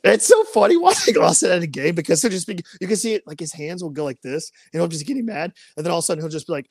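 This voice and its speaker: A man in casual chat, telling animated stories, laughing often and acting out other people's voices. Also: fairly high pitch, racing, breathy edge, dry recording, clean studio sound.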